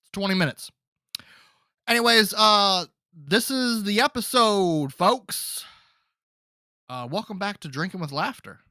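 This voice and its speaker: A man's voice: high voice, animated, moderate pace, pushed and bright. A man hosting his own podcast, talking to listeners in a loose, rambling way and calling them folks. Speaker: podcast host. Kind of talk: casual solo podcast chat.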